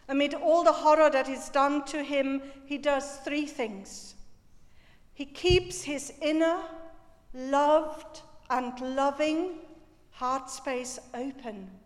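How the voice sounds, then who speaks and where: A woman preaching a sermon in a slow, measured, reflective way, lingering on key words. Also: high-pitched. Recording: reverberant church hall.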